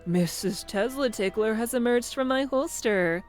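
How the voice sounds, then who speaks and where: A woman's voice: on the high side, a little slow, natural voice. A woman plays a sardonic police officer who needles a suspect with dry, teasing put-downs. The voice sits in a middle range. Faint music plays behind it. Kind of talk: game voice acting.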